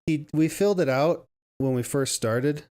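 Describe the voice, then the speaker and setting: A man's voice: on the high side, normal speed, darkish tone. Chatty man rambling on a podcast. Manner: rambling, laughs often, restarts sentences. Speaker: podcast co-host. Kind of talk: casual chat.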